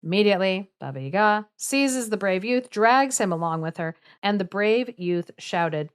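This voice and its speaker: A woman podcast host retelling a folktale in a relaxed, chatty way. She is wry and breaks the story with comic asides. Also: mid-range voice, moderate pace, smooth. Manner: chatty, wry, laughs through lines.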